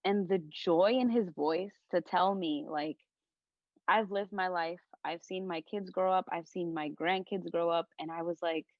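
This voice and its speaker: Young woman, low voice, earnest, heartfelt, casual podcast chat, dry dull lo-fi sound. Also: no echo. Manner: earnest, heartfelt, leans heavily on "like". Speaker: podcast guest, content creator. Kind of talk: casual conversation. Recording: dull lo-fi recording.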